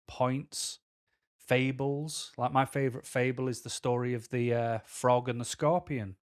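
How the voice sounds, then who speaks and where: A man with a Mancunian accent talking candidly to camera as a vlogger, rambling through personal stories with tangents. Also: medium pitch.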